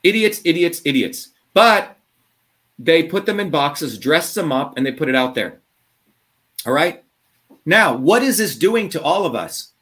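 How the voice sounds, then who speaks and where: A man ranting combatively in an interview, profane and heated, swinging between fast bursts and drawn-out words. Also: on the high side, sing-song, fairly bright tone. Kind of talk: impassioned interview talk.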